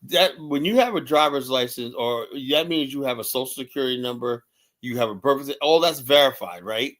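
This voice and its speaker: Man, podcast host, casual storytelling, frequent "right?" check-ins, mid pitch. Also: brisk, fairly bright tone. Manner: storytelling, repeats "right?" often. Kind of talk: casual chat.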